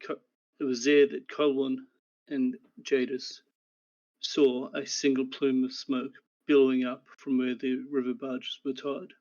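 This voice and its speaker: Male game master, unhurried even recap narration, flat intonation. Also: mid-range voice, muffled recording. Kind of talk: recapping a tabletop game session.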